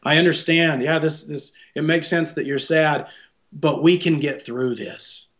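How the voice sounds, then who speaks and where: A man voicing a calm, compassionate ship captain who reassures his passengers. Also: a little high, a little slow. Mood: reassuring. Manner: gentle, reassuring.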